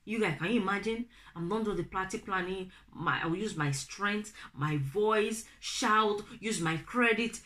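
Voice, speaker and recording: A young Nigerian woman with a Nigerian accent, telling a family story to her viewers, animated and acting out the people she quotes. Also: medium pitch, normal speed, few pauses, slight background noise. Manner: animated, acts out quoted family members in raised voices. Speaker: vlogger. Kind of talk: casual storytelling to camera.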